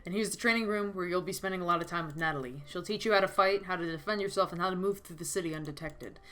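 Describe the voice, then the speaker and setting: A woman voicing a confident, reassuring man in a game, speaking in a calm, assured way. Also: on the low side, quick pace. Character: confident, reassuring male recruiter.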